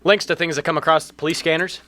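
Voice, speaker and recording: A man co-hosting a casual basement podcast, deadpan as he reads labels aloud. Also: fairly high pitch, fast, no echo. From Wisconsin. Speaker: podcast co-host. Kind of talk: casual chat. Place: home basement.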